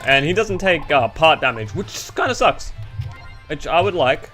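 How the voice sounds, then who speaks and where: A man's voice: fairly high pitch, big pitch swings, normal speed, a bit bright. A young Australian man giving rambling, goofy and self-deprecating gameplay commentary over faint game music. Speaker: gaming YouTuber.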